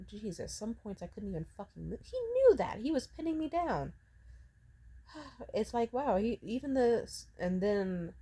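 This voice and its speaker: A woman's voice: lowish voice, mellow, breathy edge. Profane ranting young woman venting. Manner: profane, rambling, emotionally charged. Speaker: vlogger. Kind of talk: ranting personal vent.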